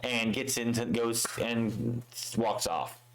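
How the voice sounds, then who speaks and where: A man's voice: mid-range voice, slow pace, fairly bright tone, rough recording. A man recapping a wrestling show in a casual, profane way, acting out the lines he quotes.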